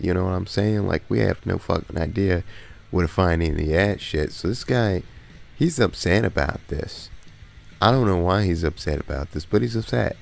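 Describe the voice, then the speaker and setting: A man's voice: sits low, moderate pace, creaky, darkish tone. A man vlogging a casual story in a slangy, laid-back way, laughing now and then as he talks.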